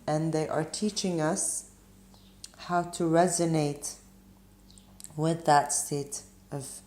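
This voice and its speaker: A woman speaks slowly in a low, mellow voice as she gives a spiritual tarot reading. She muses gently and stops often to search for words. The room around her adds a noticeable echo. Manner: gentle, musing, pauses with ums. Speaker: tarot reader.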